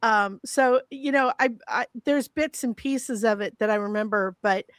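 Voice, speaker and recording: A woman in her fifties with a gravelly voice, reflecting casually on her past acting work on a panel. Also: a little high, normal speed, dry recording. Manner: reflective, warm storytelling with laughs. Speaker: guest, former child actress.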